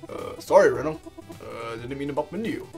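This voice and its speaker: A man's voice: medium pitch, animated, quick pace, vocal fry, a little mellow, soft background music. A young man co-hosting a let's play, reading game narration aloud with hesitant "uh"s. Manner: hesitant, lots of "uh", laughing asides.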